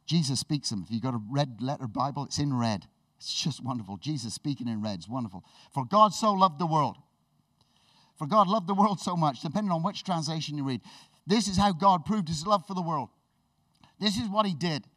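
A man preaching a sermon with enthusiastic, animated storytelling, laughing and restarting as he goes. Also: on the high side, a little fast, no echo, distant mic.

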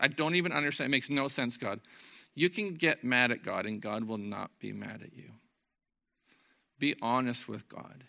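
A man preaching an informal, earnest sermon to his church, reading scripture and moving between lively talk and soft, quiet passages. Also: medium pitch, creaky. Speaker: pastor. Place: church service.

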